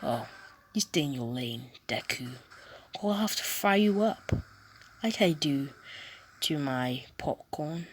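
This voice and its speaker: A woman's voice: deep voice, animated, takes it slowly, pauses often, breathy edge, heavily acted. A woman voicing an aggressive teenage bully boy with a taunting, sneering manner.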